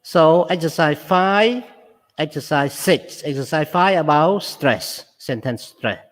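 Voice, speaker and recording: Guy teaching english, reads out example lines then explains, kinda high voice, lots of ups and downs. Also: animated, slow pace. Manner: reads example sentences aloud then explains stress in Khmer. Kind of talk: classroom lesson mixing English and Khmer. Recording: long reverb in the room.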